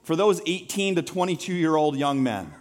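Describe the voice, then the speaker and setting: High-voiced animated male pastor preaching. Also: normal speed. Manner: animated, conversational, self-mocking humor with audience questions. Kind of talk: sermon. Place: church sanctuary.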